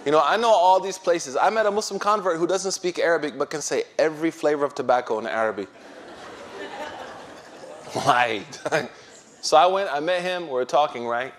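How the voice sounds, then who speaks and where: A man who serves as an imam, giving an informal religious talk to an audience. He tells stories in an animated way, using slang and acting out what people said. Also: fairly high pitch, moderate pace, a little hiss or hum. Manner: animated storytelling with slang and acted-out quotes.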